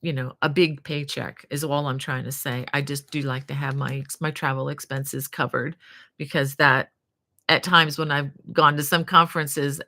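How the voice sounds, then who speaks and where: Low, gravelly-voiced older woman chatting live. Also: level tone, normal speed, bright, forceful tone. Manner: chatty, reads viewer comments aloud and answers them; earnest, devout, fond of blessings and prayers. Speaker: crochet channel host. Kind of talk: casual live-stream chat.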